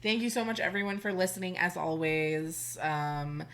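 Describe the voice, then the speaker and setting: A woman co-hosting a podcast, chatting in an animated, joking way and quick to laugh. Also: fairly low pitch. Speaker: podcast co-host. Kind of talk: casual chat.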